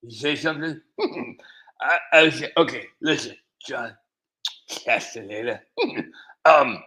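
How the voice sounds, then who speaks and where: A man's voice: mid-range voice, takes it slowly, bright, forceful tone, low-quality recording. A man hosting a casual livestream, rambling and joking as he reads out viewers' names, laughing often and a bit tipsy. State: tipsy from wine. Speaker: livestream host.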